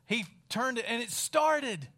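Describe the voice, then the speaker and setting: A man from West Virginia preaching a sermon in a wry, conversational storytelling style with dramatic pauses. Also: extremely high pitch, expressive, sharp tone.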